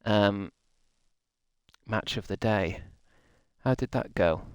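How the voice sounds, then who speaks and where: Chatty streamer, low voice. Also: male voice, measured pace, clear, resonant tone, dry recording. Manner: rambling, chatty, reads and answers chat. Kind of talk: casual live-stream chat.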